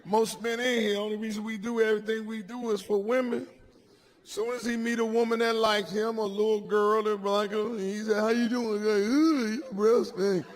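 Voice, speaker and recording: Brash, high-voiced stand-up comedian man. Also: little pitch movement, a little fast. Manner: loud, brash, swings between growls and shouts. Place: comedy stage with live audience.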